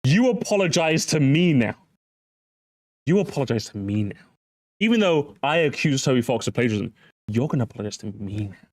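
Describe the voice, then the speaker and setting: This is a smug, arrogant man demanding that everyone apologize to him, as a streamer puts him on to mock him. His voice sinks deep and sulky. The sound is close and dry. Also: very animated, brisk, dry recording. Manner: low, sulky, mocking. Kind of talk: mocking impression in a live stream.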